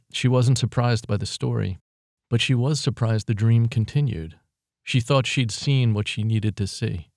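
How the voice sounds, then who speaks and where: Low-voiced male storybook narrator. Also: a little mellow, no echo, clean studio sound. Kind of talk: audiobook narration.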